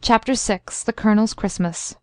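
A woman narrating a classic story for an audiobook in an even, measured way. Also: medium pitch, no echo.

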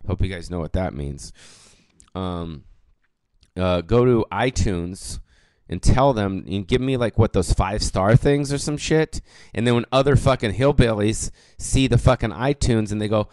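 A man of about fifty rants alone on his comedy podcast. He curses freely and wanders off topic, then corrects himself. His voice is smooth and sounds close and dry, with no room around it. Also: lowish voice, unhurried, a little mellow, no room sound. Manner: rambling, profane, self-correcting. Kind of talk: casual solo podcast rant.

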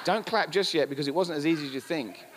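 A man preaches at a fast clip with a slightly raised pitch, hammering his points home by repeating them. His voice rings with the long reverb of a church hall. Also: heavy background noise. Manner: emphatic, repetitive preaching with asides. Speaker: pastor. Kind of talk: sermon.

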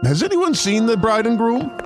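A booming wedding officiant. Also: male voice, big pitch swings, normal speed. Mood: pompous. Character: theatrical male wedding officiant in an ad. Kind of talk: comic radio ad acting. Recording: ad spot with music behind.

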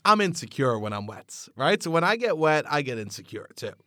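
A man's voice: a little high, very animated, brisk, bright, forceful tone, no room sound, studio quality. A man playing an anxious, insecure male sock who confides his fears with earnest, rambling drama. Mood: embarrassed. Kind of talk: improvised comedic interview.

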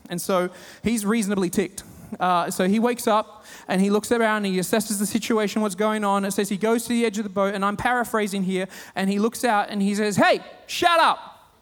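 A man with an Australian accent preaching a sermon, telling stories with humor and animated retellings. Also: sits high, brisk, few pauses, long reverb tail. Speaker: pastor.

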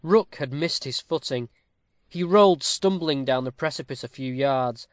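A man reading a classic novel aloud with a steady, formal storytelling cadence, close to the mic. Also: mid-range voice, normal speed, dry recording. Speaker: audiobook narrator. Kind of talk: scripted narration of a classic novel.

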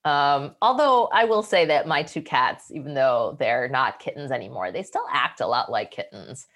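Low-voiced, lively woman guest. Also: moderate pace. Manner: thinks aloud, meandering with restarts. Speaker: podcast guest. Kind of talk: casual podcast chat.

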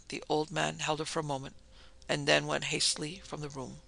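Gravelly, bright male storyteller. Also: fairly high pitch, level tone, fairly quick. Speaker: narrator. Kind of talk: storybook narration.

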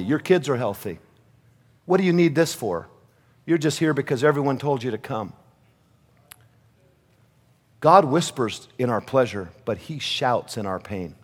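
A man's voice: mid-range voice, slightly rough. A man preaching a sermon from the pulpit, telling stories and acting out pleading voices. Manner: storytelling preacher who acts out voices, rising to fervent pleas. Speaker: pastor. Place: church sanctuary. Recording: long reverb of a church hall.

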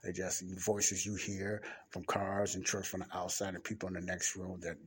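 A man's voice: low-pitched, level tone, normal speed, breathy edge. A man hosting a Christian podcast, talking in a rambling, repetitive way with many fillers, close to the mic in a library study room. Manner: rambling, repeats words, frequent fillers. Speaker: podcast host. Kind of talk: casual preaching monologue. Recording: faint street noise through window. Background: faint traffic from outside.

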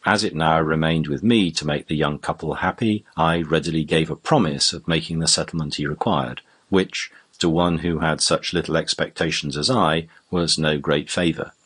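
A man reading a classic novel aloud in a measured, formal storytelling manner. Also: very deep voice, fairly even intonation, fairly bright tone, slightly rough. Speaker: audiobook narrator. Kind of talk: scripted narration of a classic novel.

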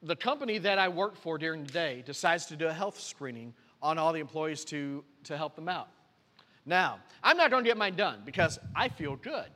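A man preaches a sermon as a pastor, telling his own story and acting out the conversations in it. His voice sits high and rings bright and forceful. A long reverb from the church hall trails after every phrase. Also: lively intonation, moderate pace. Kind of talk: sermon with personal testimony.

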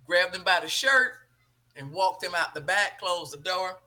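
A middle-aged woman hosts a talk show and tells a family story. Her voice is bright and forceful. She acts out each quoted line as she goes. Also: fairly low pitch, a little slow. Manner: animated storytelling, acting out quoted dialogue.

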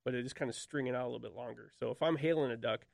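A man's voice: mid-range voice, racing, gravelly, no room sound, clean studio sound. A man on a radio talk show explaining duck calling, voicing quacks to demonstrate and cracking easy jokes. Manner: demonstrates calls by voicing quacks, laid-back and joking. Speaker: duck call expert guest.

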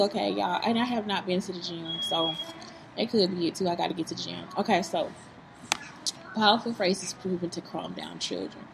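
A woman's voice: on the low side, fairly even intonation, normal speed, gravelly. Woman vlogger, blunt and swearing, rambles, restaurant noise behind. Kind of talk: casual vlog talk. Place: fast-food restaurant. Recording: noisy restaurant background.

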